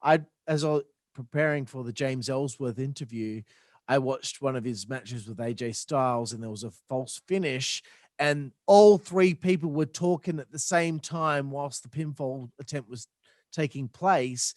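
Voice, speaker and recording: A man's voice: medium pitch, unhurried, a little mellow, no echo, studio quality. A man hosting a casual podcast, rambling and searching for his words. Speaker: podcast host.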